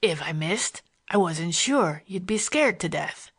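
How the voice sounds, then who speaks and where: A woman voicing a sly, grinning man with a broad Western American drawl, pitched lower than her own voice, in a storybook reading. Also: expressive, slow, husky, full character voice. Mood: mocking drawl.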